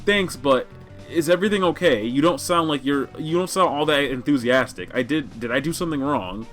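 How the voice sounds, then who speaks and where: A man's voice: fairly high pitch, animated, a little fast, fairly bright tone, soft background music. A man voicing a cheerful, earnest teenage girl who sounds eager and a little anxious.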